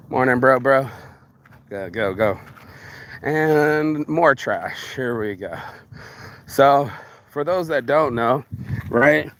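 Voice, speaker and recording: A man's voice: medium pitch, slow pace, slight background noise. A man vlogging outdoors while picking up litter, ranting bluntly and profanely in streetwise slang, calling everyone bro. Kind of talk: ranting walk-and-talk vlog.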